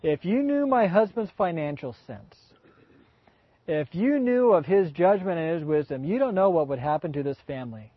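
A man's voice: on the high side, animated, moderate pace, no room sound. A man preaching a folksy, emphatic sermon full of rhetorical questions, in a dull, dry recording.

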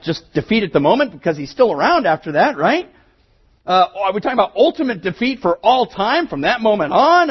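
A middle-aged man preaching a sermon in a conversational way, often repeating words and restarting, and slowing down to read scripture. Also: extremely high pitch, breathy edge, dull audio. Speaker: pastor.

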